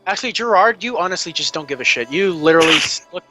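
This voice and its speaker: A man acting as game master, narrating a tabletop game in a halting way full of fillers. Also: a little high, expressive, music in the background.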